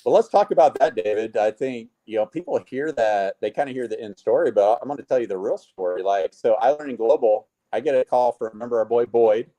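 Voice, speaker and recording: A man's voice: medium pitch, a little fast, few pauses. A man in a casual interview, telling stories from his business life and acting out what people said to him. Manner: animated storyteller, acts out quotes. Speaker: guest, network marketing leader.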